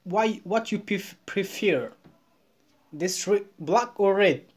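A Moroccan woman with a Moroccan accent, chatting over a video call in halting English that she repeats as she goes. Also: mid-range voice, darkish tone. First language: Moroccan Arabic. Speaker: vlogger. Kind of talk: casual video call chat.

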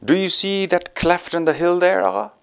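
A man's voice: medium pitch, very animated, a little slow, voice pushed up. A man with an Afghan accent reading the part of a frightened, superstitious young woman on the run, in an earnest, pleading way. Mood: eager. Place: studio.

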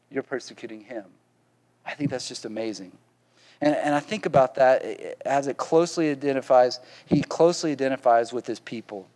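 A man's voice: medium pitch, darkish tone. A man preaching a sermon as pastor, repeating words and often checking in with "right?".

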